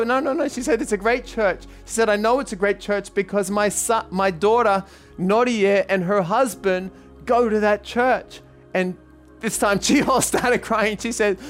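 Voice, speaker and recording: A man preaching as a pastor, telling a testimony and leading prayer in an earnest, halting way with many ums. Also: high-pitched. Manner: earnest, repeats himself, frequent ums. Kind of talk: sermon with retold testimony and prayer.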